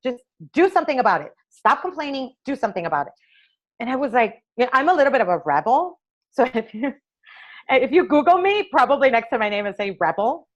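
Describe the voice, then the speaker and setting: Animated woman telling her story. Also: sits high, a little fast, muffled recording. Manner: animated storyteller acting out quoted dialogue. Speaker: optometrist and eyewear maker, interview guest. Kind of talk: conversational interview storytelling.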